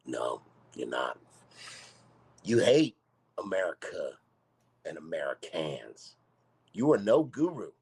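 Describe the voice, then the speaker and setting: A brash comedian reading his own comedy script aloud, loud, abrasive and mocking. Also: sits low, sing-song, slow pace, long pauses, husky. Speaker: guest comedian. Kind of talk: comedy script table read.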